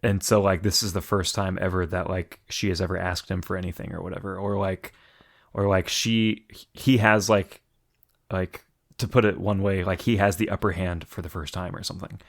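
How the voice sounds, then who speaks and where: A man's voice: deep voice, steady tone, normal speed, creaky. A man co-hosting a podcast in casual chat, rambling with many fillers. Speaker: podcast co-host.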